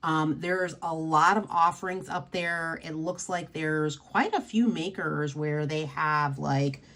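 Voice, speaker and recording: A woman's voice: deep voice, slow pace, fairly bright tone. A woman hosting a casual livestream, chatty and rambling with many fillers. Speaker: nail polish livestream host.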